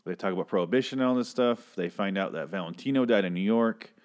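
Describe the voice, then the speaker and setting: A man with a notably deep voice talks through a TV episode recap. He is blunt and profane, circling back and restarting his sentences as he goes. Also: quick pace, a little mellow. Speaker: TV episode reviewer. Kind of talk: casual recap and review.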